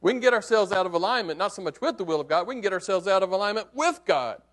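A man preaching, telling a hunting story as a sermon illustration in an animated, conversational way that swings from hushed to excited. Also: high voice, fast talker.

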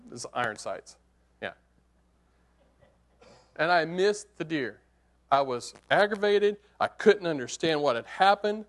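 A man preaching, telling a hunting story as a sermon illustration in an animated, conversational way that swings from hushed to excited. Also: a little high, a little slow, long pauses.

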